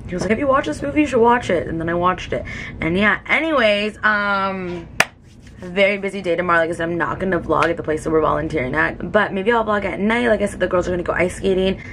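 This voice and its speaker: A woman's voice: fairly low pitch, fast talker, a bit bright, slight background noise. A young woman in a casual beauty vlog, talking emotionally to camera with lots of "like" fillers. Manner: chatty, emotional, many "like" fillers. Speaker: beauty vlogger.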